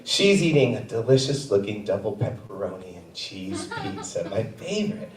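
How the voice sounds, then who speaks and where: Brief: thirties male stand-up, self-mocking, lively pitch, echoey theater from afar. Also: normal speed. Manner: self-mocking, drops to quiet asides. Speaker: stand-up comedian. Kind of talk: stand-up comedy set. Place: comedy theater stage. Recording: echoey theater, far from mic.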